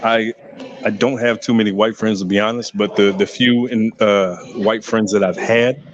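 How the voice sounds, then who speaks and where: A man with a lowish voice co-hosts a casual podcast and argues his point emphatically. He drops profanity freely and tells anecdotes at length. The recording sounds dull and lo-fi. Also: fairly even intonation, normal speed, a crowd in the background. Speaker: podcast co-host. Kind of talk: casual podcast debate, storytelling.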